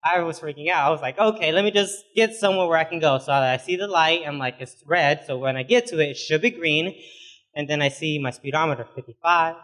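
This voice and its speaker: A young adult man preaching a sermon as a pastor, conversational and informal, often filling pauses with "you know". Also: on the high side, fairly bright tone.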